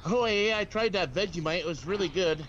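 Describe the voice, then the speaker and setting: An easygoing man joking with his teammates mid-match, his voice sitting a bit high. Clear noise runs under his voice chat. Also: fairly quick, fairly bright tone, dull audio. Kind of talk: casual gaming chat. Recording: noisy voice chat.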